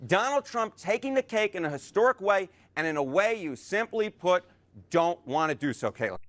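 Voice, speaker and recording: A man giving a broadcast news data analysis, brisk and heavy on numbers, with playful asides to his co-anchor. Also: high-pitched, sing-song, fairly bright tone.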